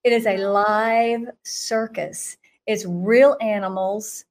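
A middle-aged woman telling a story in an animated way, laughing often and jumping to a high voice when she acts out reactions. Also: slow pace. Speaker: guest recounting a vision.

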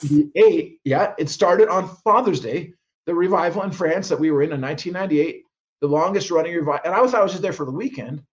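Male guest minister, rapid, slightly high voice, animated storyteller who acts out other voices, muffled lo-fi sound. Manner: acts out quoted voices, frequent restarts.

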